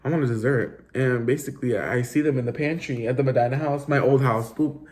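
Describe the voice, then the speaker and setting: A young man tells a story from his school days in a casual, rambling way, full of fillers and restarts. His voice is mid-pitched, and he swears freely and mixes Spanish words into his talk. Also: a little fast, a little mellow. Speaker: vlogger telling a story.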